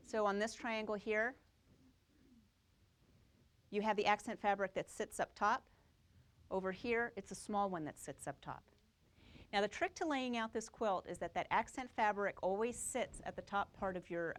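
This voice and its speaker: A woman teaching a quilting class, explaining each step and checking that the students follow. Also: mid-range voice. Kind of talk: live classroom demonstration.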